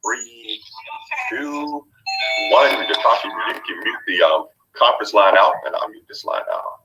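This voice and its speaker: Deep-voiced man greeting call joiners. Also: lively intonation, a little slow, creaky, muffled recording, noisy background. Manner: repetitive, upbeat greetings. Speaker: host of a business conference call. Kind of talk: welcoming callers before a live call.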